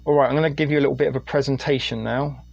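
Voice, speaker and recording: A man's voice: medium pitch, steady tone, racing, vocal fry, a little mellow, dry recording, lo-fi sound. A middle-aged British man from the UK hosting a crude, rambling late-night live stream on his phone and reading viewer chat aloud. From United Kingdom.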